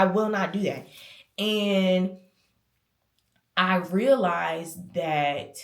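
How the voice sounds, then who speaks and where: Candid young woman vlogger, roomy sound. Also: fairly low pitch. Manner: emphatic, candid, chatty. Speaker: lifestyle vlogger. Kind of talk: casual chat to camera. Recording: roomy echo.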